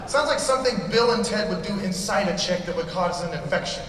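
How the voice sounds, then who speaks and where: On stage in a large convention hall, a high-pitched man at a moderate pace rants through a crude stand-up set with mock pomposity. The echoey recording is picked up from far away, full of crowd noise, as the audience laughs and cheers.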